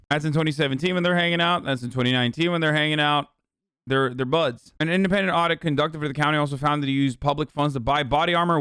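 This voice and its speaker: A man's voice: on the high side, a bit bright, clear, resonant tone, no echo, studio quality. A man reacting to news clips on a live stream, sarcastic and profane, mocking what he reads and hears.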